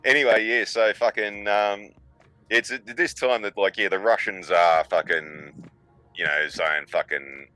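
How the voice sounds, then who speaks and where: A middle-aged man rambles through crude, profane stories in casual chat. His voice sits low but has a bright, sharp edge. The sound is dry and close. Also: fairly even intonation, normal speed, no room sound, faint music behind, rough recording. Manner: crude, profane storytelling with mocking put-on voices. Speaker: podcast co-host.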